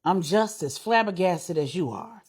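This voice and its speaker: A woman's voice: lowish voice, animated, measured pace, a little mellow, breathy edge. A woman voicing a bold young gangster's wife who talks crude and unbothered. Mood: brazen. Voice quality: brash, unbothered, crude street talk.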